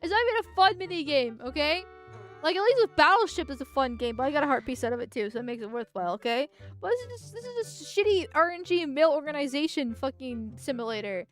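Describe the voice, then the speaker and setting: A woman's voice: high voice, very animated, soft background music. A woman streaming gameplay as a vtuber, rambling and often restarting, then erupting into profane rants at the game. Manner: ranting, profane, quick to anger. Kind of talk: live gameplay commentary.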